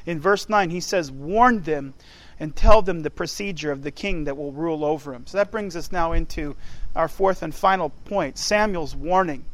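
A man's voice: a little high, moderate pace, dry recording, poor audio. A man preaching a sermon, emphatic, building in force as he presses his points.

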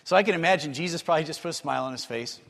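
A male preacher with a fairly high voice delivers a sermon in a church, and his words ring out in a long hall reverb. He tells stories vividly, acting out the quoted people and rising into eager, excited passages. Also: racing, vocal fry. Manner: storytelling, acts out quotes, rises to excited bursts. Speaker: pastor.

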